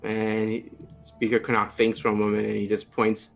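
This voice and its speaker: Gravelly-voiced man running a tabletop game. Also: lowish voice, completely flat delivery, normal speed, soft background music. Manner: loose, with filler words. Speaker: game master.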